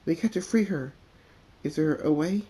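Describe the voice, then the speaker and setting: Guy putting on a squeaky little filly pony, excitable, teary, storybook reading. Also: fairly quick, lightly acted. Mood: pleading. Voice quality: high and squeaky. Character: excitable young filly pony, tearful and pleading.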